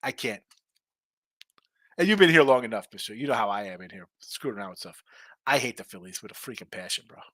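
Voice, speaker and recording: A man's voice: on the low side, expressive, fast, long pauses, pushed and bright, dry recording. A middle-aged man hosting a sports betting show, chatting casually and bluntly ranting while reading viewer comments.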